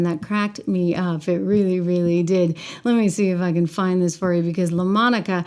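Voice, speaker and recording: A woman hosting a casual political commentary stream, talking to viewers in an animated, emphatic way with frequent restarts and asides. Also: fairly low pitch, a little fast, hardly any pauses, clear, resonant tone.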